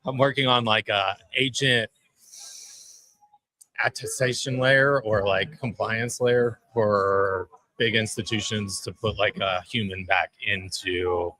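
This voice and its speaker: Man from texas, founder, casual rambling explanation, low and bright voice. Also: fairly even intonation, takes it slowly, rough recording. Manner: casual, lots of fillers like "like". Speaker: startup founder.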